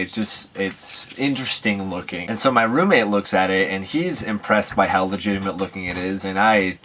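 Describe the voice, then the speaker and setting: A man's voice: fairly low pitch, a bit bright, a little hiss or hum. A young man casually telling a story to camera at home, rambling with many fillers and amused asides. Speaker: vlogger.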